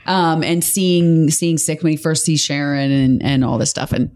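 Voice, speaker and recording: A woman's voice: deep voice, steady tone, normal speed, darkish tone. A woman chatting casually as a podcast co-host, talking with lots of fillers and restarts. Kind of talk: casual chat.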